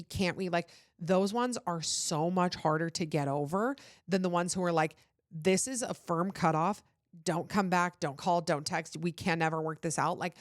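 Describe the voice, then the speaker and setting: A woman's voice: on the low side, no room sound, clean studio sound. A young adult woman hosting a podcast, giving earnest, pleading relationship advice in casual chat, full of "like" fillers, with a runny nose. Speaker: podcast host.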